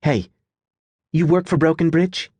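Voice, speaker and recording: A pushy, impatient young woman who fires off blunt demands, as a male narrator puts her on. Her voice is pitched up and the reading is dry. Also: unhurried, darkish tone, breathy edge, no room sound. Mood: demanding. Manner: brusque, demanding.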